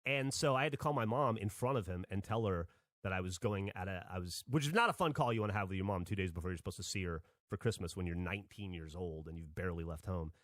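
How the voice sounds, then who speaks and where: A man's voice: low voice, fast talker, fairly bright tone, dry recording, studio quality. A man from Alabama, a podcast host, telling a rambling story in casual chat and swearing freely.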